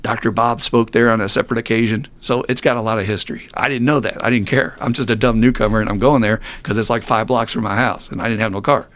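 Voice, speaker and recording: A man's voice: lowish voice, fairly even intonation, fast talker, few pauses, a bit bright. A man hosting a recovery podcast who tells a candid personal story in a blunt, self-mocking way, swearing freely and laughing often. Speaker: podcast host.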